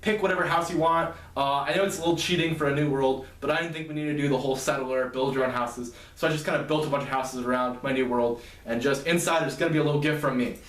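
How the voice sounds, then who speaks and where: A man's voice: mid-range voice, steady tone, fast talker, hardly any pauses, a bit bright, close to an everyday voice. A man voicing an easygoing, powerful woman who talks in a casual, offhand way. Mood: breezy. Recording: echoey room, mic at a distance.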